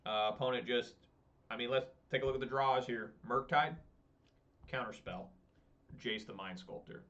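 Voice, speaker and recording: Male streamer, bright slightly high voice, rambling frank chat, lo-fi stream audio. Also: normal speed. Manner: rambling, frank, grumbling with fillers. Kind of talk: casual outro chat while gaming.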